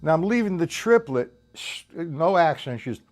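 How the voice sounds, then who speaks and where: Over loud music, a man speaks at a normal pace in a slightly high, sing-song voice. This drum teacher, worn out after a sleepless night, wanders through a live-streamed lesson with a drum kit going, counting the beats out loud.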